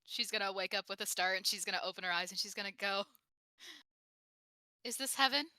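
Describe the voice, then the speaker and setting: A woman at a tabletop game with a very bright, sharp tone, upbeat as she reads through her character's traits with little asides. She is recorded close and dry. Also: mid-range voice, little pitch movement, racing, clear, resonant tone, no echo, poor audio. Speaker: player. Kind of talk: casual tabletop play.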